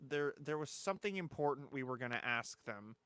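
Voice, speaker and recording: A man's voice: mid-range voice, animated, fairly bright tone, smooth, no echo. A man playing a tabletop game, chatting casually and correcting himself in a flustered way. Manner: flustered, quick self-corrections. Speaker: player. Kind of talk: casual tabletop play chat.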